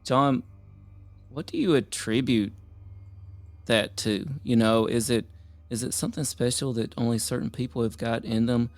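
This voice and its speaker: A man's voice: medium pitch, normal speed, no room sound, soft background music. A man hosting a podcast, introducing his guest and asking long, winding questions. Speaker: podcast host. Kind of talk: interview questions.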